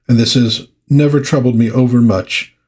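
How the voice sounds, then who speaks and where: A man's voice: mid-range voice, steady tone, moderate pace, darkish tone, close to an everyday voice. A man reading a comic aloud, voicing a courtly thousand-year-old male alchemist villain in a grand manner. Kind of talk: dramatic comic book reading.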